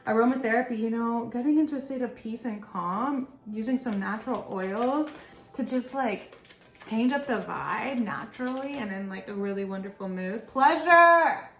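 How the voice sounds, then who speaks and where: A woman's voice: on the high side, normal speed. A woman giving a casual pick-a-pile tarot reading, chatty and encouraging, talking straight to her viewers. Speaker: tarot reader. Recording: echoey room with faint background noise.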